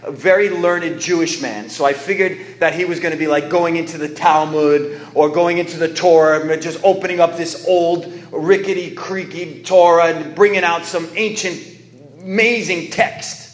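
A man stands before a recovery group and tells his own story in an earnest, conversational way. His voice sits a bit high for a man, and the room around him rings with echo. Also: steady tone, moderate pace. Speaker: recovery meeting speaker. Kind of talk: personal testimony talk.

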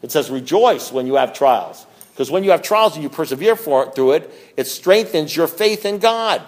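A man's voice: on the high side, expressive, normal speed. Blunt, joking man at a meeting. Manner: folksy storytelling, acts out both sides of dialogue; blunt, joking, laughs often. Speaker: recovery speaker. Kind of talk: recovery meeting talk.

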